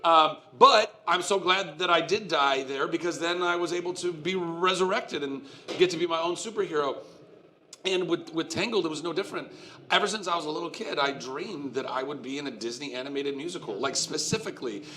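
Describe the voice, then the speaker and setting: An American man in his forties, an animated storyteller who laughs often and restarts his sentences, talking as a guest on a live convention stage. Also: a little high, a little fast, a little hiss or hum. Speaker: guest actor. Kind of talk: casual stage interview.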